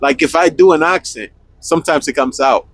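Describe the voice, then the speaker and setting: A man's voice: on the high side, a little fast, fairly bright tone, dry recording, low-quality recording. A young man with a Spanish accent co-hosting a trucking podcast in a laid-back, joking chat, swearing freely. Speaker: podcast co-host, truck driver. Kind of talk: casual chat.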